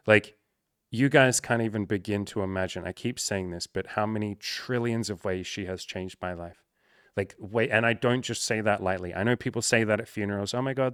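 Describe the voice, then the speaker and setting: Low, smooth-voiced man near tears. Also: a bit bright, no echo, studio quality. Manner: candid, emotional, swears freely. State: close to tears. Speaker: coach and content creator. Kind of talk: emotional personal talk to camera.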